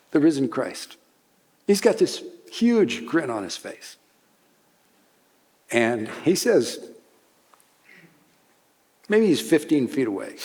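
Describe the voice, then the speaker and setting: An older man telling a warm story at a conference seminar, chuckling as he goes. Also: medium pitch. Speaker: speaker. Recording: long hall reverb.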